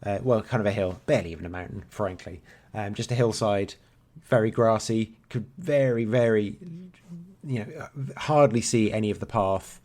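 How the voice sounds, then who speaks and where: A man's voice: on the low side, normal speed, a little mellow. A man in his thirties, co-hosting a podcast in casual, rambling chat and swearing freely. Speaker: podcast co-host.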